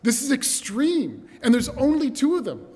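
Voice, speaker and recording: A man's voice: very high voice, normal speed. Man preaching with hall reverb. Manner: animated storyteller, addresses brothers and sisters. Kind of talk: sermon. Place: church hall.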